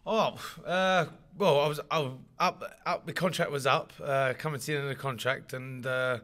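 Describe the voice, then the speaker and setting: Bright-voiced man, rambling chat. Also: fairly high pitch, steady tone, normal speed. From London. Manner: rambling, repeats words, laughs often. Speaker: interviewee, rugby league player. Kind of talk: casual interview chat.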